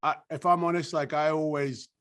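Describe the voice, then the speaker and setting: A man's voice: a little high, brisk. A middle-aged man with a British accent, chatting casually as an interview guest and laughing easily. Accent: British English. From England. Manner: relaxed, laughs easily, slips into voices. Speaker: actor guest.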